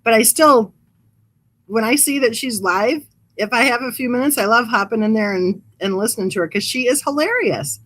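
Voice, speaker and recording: A woman's voice: on the high side, normal speed, fairly bright tone. A woman hosting a casual livestream, chatting in a rambling, amused way and reading comments from the live chat. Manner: reads live chat aloud. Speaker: true crime channel host.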